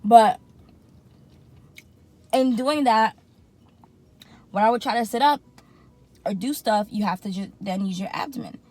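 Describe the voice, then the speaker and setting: Girl vlogging, kinda high voice, acts out her reactions, a bit sore. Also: a little slow, pauses often, faint music behind. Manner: animated, acts out her own reactions in quotes. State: in some pain after surgery. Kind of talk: casual storytime vlog.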